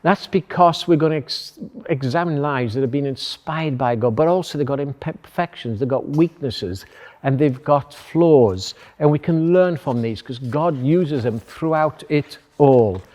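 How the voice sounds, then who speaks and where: A man giving an earnest, measured sermon as a pastor, with thoughtful pauses. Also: mid-range voice, a little mellow. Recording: echoey hall.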